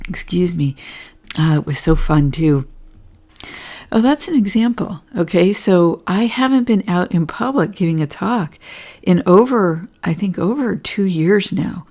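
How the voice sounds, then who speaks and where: A woman with a low, hoarse voice hosts a casual livestream talk. She chats easily, laughs often and stops to clear her throat. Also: lively intonation, measured pace, mellow. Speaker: host presenting Schumann resonance readings.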